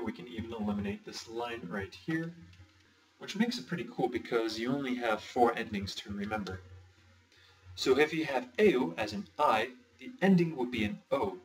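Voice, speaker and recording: Guy teaching a screen-share lesson, patient and a little goofy, mic kinda far away. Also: medium pitch. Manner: patient, explanatory, slightly playful. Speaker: language teacher.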